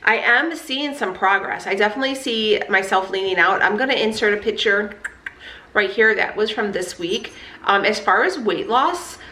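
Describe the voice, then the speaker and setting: A woman's voice: medium pitch, moderate pace, bright, forceful tone, echoey room. A woman in her thirties chatting candidly as a vlogger, fired up, with lots of fillers and swearing. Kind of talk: casual chat.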